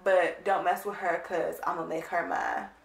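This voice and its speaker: A man's voice: high-pitched, fairly even intonation, moderate pace, gravelly, echoey room. A woman voicing a brash, pushy young man who claims her as his girl, in a casual storytime. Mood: cocky.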